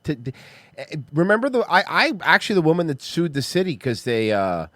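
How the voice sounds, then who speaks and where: A man's voice: on the high side, big pitch swings, fairly quick, bright, forceful tone, dry recording. A man hosting a podcast in a casual chat, laughing often and joking around. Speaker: podcast host.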